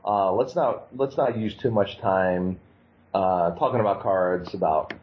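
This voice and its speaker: A man co-hosting a podcast in casual chat, lively and given to quick mock voices. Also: sits low. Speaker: podcast co-host. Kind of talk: casual chat about card games. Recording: slightly dull lo-fi audio.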